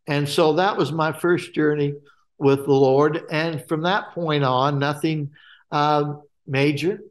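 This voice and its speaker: A man from Alaska, a guest telling his faith testimony in a halting way with many fillers and restarts. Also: a little high, fairly even intonation.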